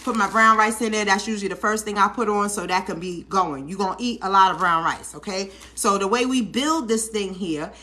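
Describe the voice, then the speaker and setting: A busy mom and vlog host with a sharp, medium-pitched voice chats casually while cooking in her home kitchen. She coaches viewers through the demo, checking in with "okay?" as she goes.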